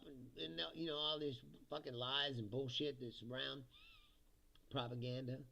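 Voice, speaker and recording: A man's voice: medium pitch, fairly even intonation, normal speed, vocal fry, bright, forceful tone. A man hosting a livestream, ranting casually about politics, laughing often and mocking people in put-on voices. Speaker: livestream host.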